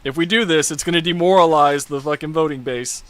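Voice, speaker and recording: A man's voice: fairly high pitch, fairly quick, a bit bright, no echo. A man in casual group chat, blunt, profane and sardonic.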